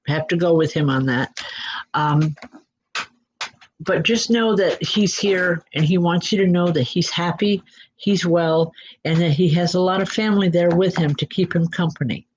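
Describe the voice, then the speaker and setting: A woman working as a psychic medium, giving spirit readings in a gentle, reassuring way and speaking straight to listeners by name. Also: on the low side, moderate pace, a little hiss or hum. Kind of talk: live spirit readings and announcements. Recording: dull lo-fi recording.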